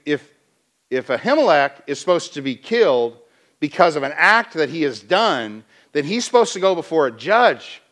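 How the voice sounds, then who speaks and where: A male pastor giving a sermon in a church, in a conversational, animated way with many restarts. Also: high voice.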